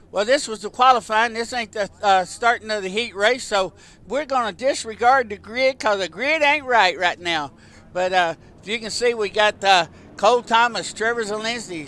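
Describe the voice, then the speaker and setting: High-voiced folksy race announcer. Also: male voice. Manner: folksy, excitable, rambling with many fillers. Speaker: race commentator host. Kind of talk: live sim racing play-by-play.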